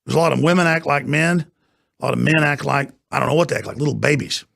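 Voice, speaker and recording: A man's voice: a little high, quick pace, gravelly, fairly bright tone. A man hosting a talk show, ranting and mocking in an off-air political monologue from a studio.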